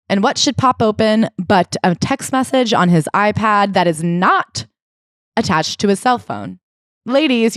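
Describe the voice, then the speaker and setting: A woman's voice: medium pitch, dry recording, studio quality. A woman co-hosting a podcast, retelling a memoir as comedic recap and acting out the quoted lines. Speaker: podcast co-host. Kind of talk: comedic book-club recap and memoir reading.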